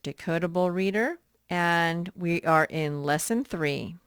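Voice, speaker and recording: Patient woman teacher for young readers, very slow and smooth, repeats every word. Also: lowish voice, no room sound, clean studio sound. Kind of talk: early reading lesson for young children.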